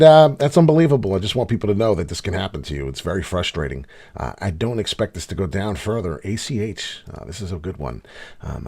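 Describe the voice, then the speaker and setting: A middle-aged man talks through his trades live in a loose, unscripted way. He swears freely and bounces between loud, exasperated outbursts and low, muttered grumbles. His pitch swings widely from line to line. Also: slightly rough. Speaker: crypto trading channel host. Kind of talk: live casual trading commentary.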